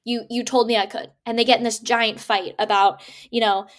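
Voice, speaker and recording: A woman's voice: a little high, fairly quick. A woman co-hosting a casual podcast, retelling a book's plot with lots of "like" and acted-out quotes. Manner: animated storytelling, acting out quotes, many "like"s. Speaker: podcast co-host. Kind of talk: casual book-club chat.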